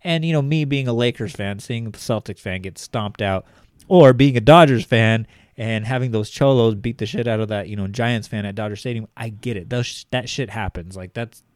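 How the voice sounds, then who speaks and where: A man's voice: lowish voice, normal speed, a little mellow, no room sound, clean studio sound. A man in his thirties co-hosting a casual chat, rambling with lots of filler words. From Los Angeles area. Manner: rambling, heavy on fillers like "like" and "you know". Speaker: podcast co-host.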